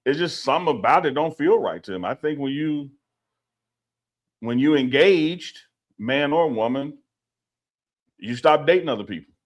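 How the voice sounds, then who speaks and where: A man co-hosting a casual sports talk show, animated and opinionated, repeating himself as he makes his point. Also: on the high side, moderate pace, pauses often. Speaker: co-host.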